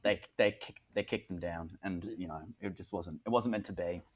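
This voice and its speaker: A man's voice: low-pitched, moderate pace, husky. A teenage boy, a school drama student joking around in casual podcast chat. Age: teens. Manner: giggly, self-deprecating joking.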